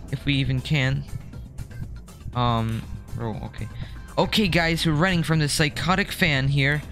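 A man's voice: a little high, a bit bright. A young man streaming a horror game live, chatting and joking as he gets startled. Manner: chatty, jokey, easily startled. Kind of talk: live gameplay commentary.

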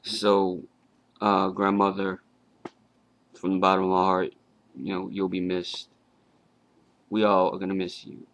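Very deep, gravelly man, flat delivery. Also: no room sound. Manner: halting, with fillers and restarts. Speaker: grieving grandson. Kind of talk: casual personal tribute.

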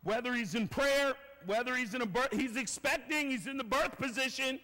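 A male pastor preaching a lively sermon in a church, telling a story in casual slang and swinging between shouts and quiet asides. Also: very high voice, normal speed. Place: church sanctuary. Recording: long reverb of a church hall.

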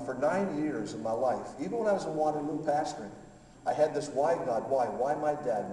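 A pastor preaching with passion, swinging from hushed telling to loud, fervent bursts as he acts out both sides of a talk with God. His voice is mellow and dark. It comes from a distance, ringing with the long echo of a large church hall over a faint hum. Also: medium pitch. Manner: impassioned, builds from quiet to loud, acts out dialogue. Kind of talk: sermon. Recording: echoey hall from far off.

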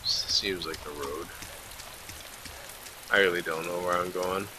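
A man's voice: low-pitched, steady tone, slow pace, noisy background. A tired man hosting a late-night game video, muttering and cursing under his breath. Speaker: let's play host. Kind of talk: casual gameplay commentary.

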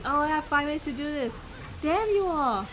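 A woman's voice: high-pitched, lively intonation, moderate pace, fairly bright tone, a little hiss or hum. A woman streaming a video game, exclaiming and swearing at it as she plays. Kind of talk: live gameplay commentary.

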